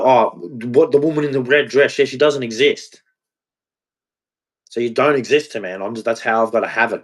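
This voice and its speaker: A male vlogger gives a confessional monologue in a mid-range voice. He speaks haltingly and repetitively, swearing freely.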